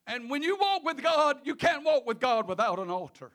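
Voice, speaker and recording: Delivering his sermon haltingly, a preacher keeps repeating words, beginning again, and chuckling between phrases. He speaks in a very high, sing-song voice with a fairly bright tone.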